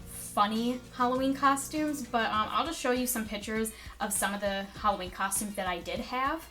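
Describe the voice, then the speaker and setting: A woman's voice: a little high, normal speed, bright, forceful tone, soft background music. A young woman vlogging casually to camera, telling rambling stories full of "like" and "um". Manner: rambling, filler-heavy storytelling with frequent "like" and "um".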